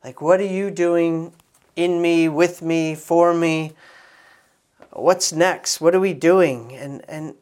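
A middle-aged man preaching in a relaxed storytelling way, with frequent restarts and quiet, intimate asides. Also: a little high, takes it slowly, clean tone. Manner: conversational, many restarts, soft intimate asides. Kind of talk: sermon storytelling.

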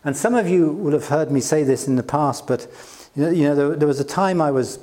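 A man's voice: a little high, fairly quick, warm tone. A middle-aged British man preaching a sermon, with a conversational, self-deprecating manner and frequent laughs. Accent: British English. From Britain. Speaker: pastor.

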